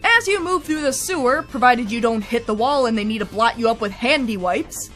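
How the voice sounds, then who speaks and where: A woman narrates a game review with a high, bright voice. Her delivery is wry, chatty and full of swings in pitch, with faint music under her. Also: lively intonation, brisk.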